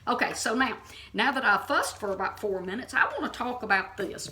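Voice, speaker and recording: A woman's voice: on the high side, expressive, a little fast, pushed and bright, slight background noise. A woman giving an impassioned, informal Bible teaching. She is blunt and emphatic and keeps checking in with her listeners.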